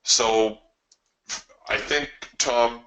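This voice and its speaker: A man's voice: medium pitch, fairly even intonation, extremely slow, noisy background. A man hosting a live trading webinar, explaining his approach in a conversational way and telling stories to his listeners. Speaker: trading coach and webinar host.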